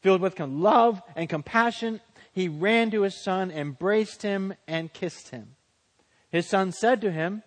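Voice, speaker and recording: Preacher guy, highish voice, dramatic sermon, goes quiet and low for the humble bits, big echoey church. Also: measured pace. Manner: dramatic, drops to a hushed low voice for humble quotes. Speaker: pastor. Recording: long hall reverb.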